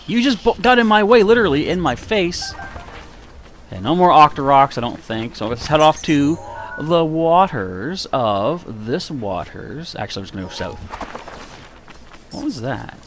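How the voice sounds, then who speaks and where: A man's voice: medium pitch, big pitch swings, unhurried, faint music behind. A man streaming a video game live, chatting casually with viewers in a self-mocking way, with a slightly nasal voice. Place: warm room indoors.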